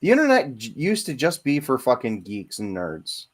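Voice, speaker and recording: A man's voice: medium pitch, huge pitch swings, moderate pace. A man in his forties co-hosting a casual chat, rambling and hesitant, with many fillers. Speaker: podcast co-host.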